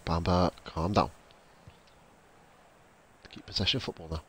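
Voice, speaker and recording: Gaming YouTuber, male, excitable and casual, swears a bit, lowish voice. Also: unhurried, slight background noise. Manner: excitable, swears, chats to live viewers. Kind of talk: casual gameplay commentary.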